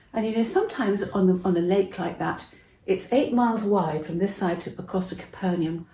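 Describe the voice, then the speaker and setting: A woman's voice: mid-range voice, mellow, reverberant, slight background noise, low-quality recording. An older woman telling a Bible story to young children, chatty and interactive, asking them questions as she goes.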